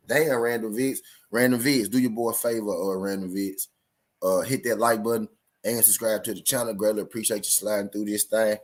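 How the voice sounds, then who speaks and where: Brisk and steady, this man's somewhat low voice carries a Southern US accent as he hosts a live boxing talk stream. He chats loosely and casually with his viewers, swearing often and repeating himself.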